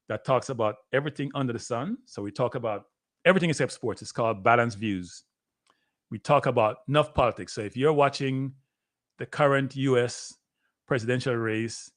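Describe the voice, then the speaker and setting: Excitable Jamaican man hosting a watchalong. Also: mid-range voice. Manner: excitable, chatty, calls out to viewers. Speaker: livestream host. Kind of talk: live sports watchalong commentary.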